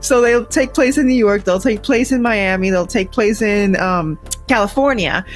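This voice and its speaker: A woman's voice: mid-range voice, normal speed, faint music behind. A woman co-hosting an interview, eager and chatty, tripping over her words. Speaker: co-host. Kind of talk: casual interview chat.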